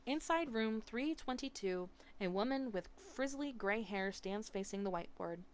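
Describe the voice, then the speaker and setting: Woman streamer, audiobook-style narration, expressive, mid-range voice. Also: mid-range voice, normal speed, a little hiss or hum. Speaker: streamer reading a novel aloud. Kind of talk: live audiobook reading. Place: home streaming setup.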